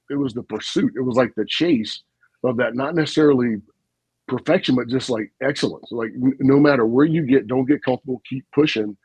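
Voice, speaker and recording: A man, a retired army officer, telling stories in an animated, folksy way on a casual podcast. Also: medium pitch, breathy edge, no room sound, muffled recording. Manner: animated, folksy storyteller with frequent asides and laughs.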